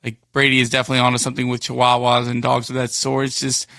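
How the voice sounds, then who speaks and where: A man's voice: medium pitch, completely flat delivery, very fast, pushed and bright, no echo, studio quality. A young man co-hosting a podcast in casual chat, often hesitating and restarting his point. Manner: hesitant, many fillers and restarts when making a point. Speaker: podcast co-host.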